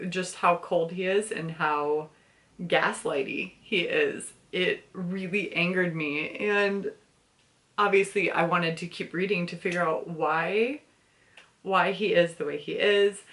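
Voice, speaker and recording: Slow-talking young woman reviewing a book. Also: low voice, fairly bright tone. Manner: emotional, laughs often, candid. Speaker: book club host.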